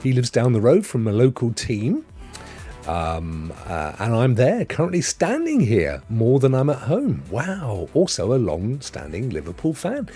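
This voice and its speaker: Soft music plays under this medium-pitched, warm, husky voice, which swoops wildly as he talks unhurriedly. He is an Englishman in his fifties with a Potteries-Sydney accent and a hint of Devon. He runs a live stream, casually rambling through viewer comments like a mate.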